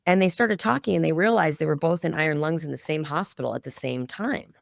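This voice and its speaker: A middle-aged woman talks as a podcast guest, her storytelling heartfelt and emotional. Her voice has a gravelly texture. The sound is dry and close. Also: low voice, a little fast, dry recording. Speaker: podcast guest, children's media founder. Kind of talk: interview storytelling.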